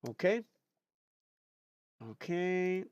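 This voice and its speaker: Playful streamer man, lively swooping voice. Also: high voice, very slow, clear, resonant tone, dry recording, muffled recording. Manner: playful, chatty, talks to chat and himself. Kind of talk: casual livestream chat.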